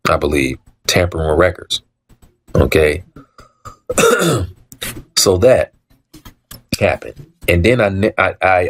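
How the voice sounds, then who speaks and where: A man telling his story in a casual monologue, repeating himself for emphasis, acting out quoted dialogue and often clearing his throat. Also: low-pitched.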